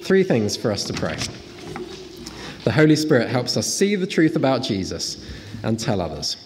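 A man's voice: mid-range voice, a little hiss or hum. A man preaching a sermon to a congregation in church, talking to them directly and reading aloud from scripture. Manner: lively, animated preaching with pauses for the congregation. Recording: long reverb of a church hall.

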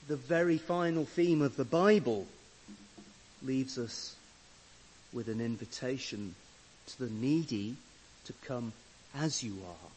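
A male pastor delivers a sermon at an unhurried, careful pace, setting words apart with pauses. His voice sits at an ordinary middle pitch and grows emphatic on the scripture passages. A faint hiss runs underneath. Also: poor audio. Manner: emphatic, swelling louder on scripture readings; measured, deliberate delivery with pauses.

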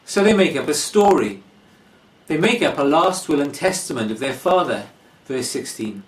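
A man preaching a sermon in a slow, deliberate expository manner. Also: fairly high pitch, expressive. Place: church. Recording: echoey church from far off.

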